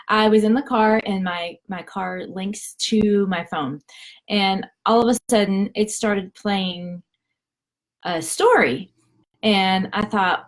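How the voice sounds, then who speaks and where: A woman's voice: mid-range voice, unhurried. Chatty woman vlogger. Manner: chatty, lots of fillers and restarts while retelling. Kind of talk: casual storytelling vlog.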